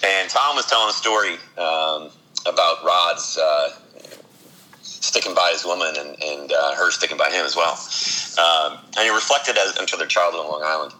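A man, a voice actor, chatting casually as a guest on an interview show, relaxed with many fillers. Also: low voice, normal speed, poor audio. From Northeast US.

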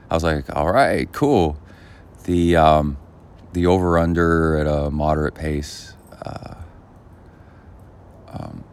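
A man hosting his own podcast in casual solo chat outdoors by a pool, rambling and halting with lots of fillers. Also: extremely low pitch, slight background noise. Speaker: podcast host.

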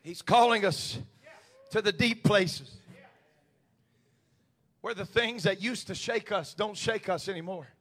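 A male pastor preaching a sermon, swinging from quiet confiding talk to shouted, impassioned preaching. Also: sits high, measured pace, pauses often.

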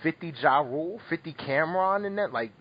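A man's voice: fairly high pitch, lively intonation, moderate pace, dull audio. A man hosting a podcast in casual chat, laughing and rambling, a little tipsy after a couple of drinks. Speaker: podcast host.

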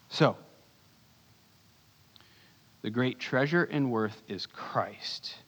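Earnest male pastor in a reverberant hall. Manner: earnest, swings between urgent bursts and hushed low lines. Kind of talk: sermon.

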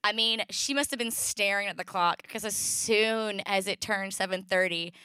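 A woman's voice: medium pitch, normal speed, smooth, dry recording, studio quality. A woman in her thirties, a podcast co-host, telling stories in casual chat and laughing often. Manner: laughs often, animated storytelling.

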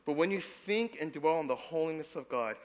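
A young adult man, a pastor preaching a sermon, swinging between loud emphatic passages and soft hushed ones. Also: fairly high pitch, lively intonation, brisk, in a large hall.

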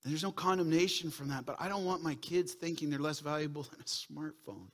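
Bright, high-pitched pastor, preaching. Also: male voice, brisk. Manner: swings from quiet earnest asides to loud excited bursts. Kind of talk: sermon.

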